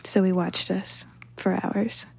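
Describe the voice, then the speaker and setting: A woman telling her own story in an interview, soft-spoken and matter-of-fact. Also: mid-range voice, little pitch movement, takes it slowly, creaky, breathy edge, no room sound. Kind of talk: recounting a personal story in an interview.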